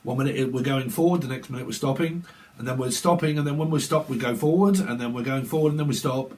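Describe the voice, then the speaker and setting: A man's voice: medium pitch, fast, a little mellow. A man giving a chatty, rambling tarot reading with casual swearing. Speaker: tarot reader.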